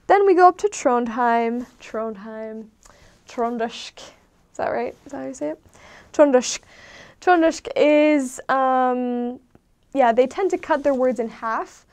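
A woman's voice: fairly high pitch, clean tone. A woman in a casual, meandering chat who explains things with many ums and loose asides. She is an outsider to the country she describes. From not from Norway. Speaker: vlogger explaining dialects.

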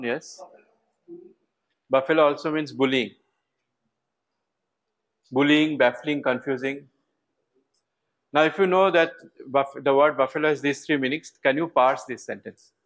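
A man's voice: mid-range voice, fairly bright tone. A man with an Indian English accent giving a university lecture, who asks the class questions and repeats words for emphasis. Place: lecture hall.

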